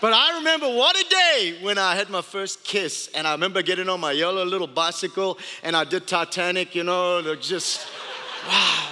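A male pastor giving a sermon as animated, playful storytelling. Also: high voice, normal speed. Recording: long hall reverb.

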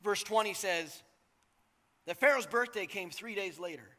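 Preaching a sermon, a pastor in his thirties speaks casually and jokingly, conversational and often checking in with the crowd. His voice sits high and sounds bright, expressive, and forceful at a moderate pace. The recording carries the long reverb of a large hall.

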